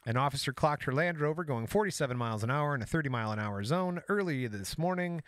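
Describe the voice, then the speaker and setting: A man's voice: fairly high pitch, animated, fast talker, no echo. A man co-hosting a crime podcast who cracks jokes and reads out case details casually. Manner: wisecracking, quizzing. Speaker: podcast co-host. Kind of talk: casual chat, reading case notes.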